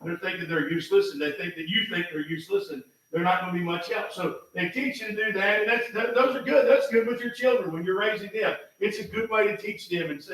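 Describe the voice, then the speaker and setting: A pastor preaching a folksy sermon, repeating himself and building up to shouts. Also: male voice, high-pitched, quick pace, few pauses. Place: church sanctuary. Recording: echoey hall, mic far off.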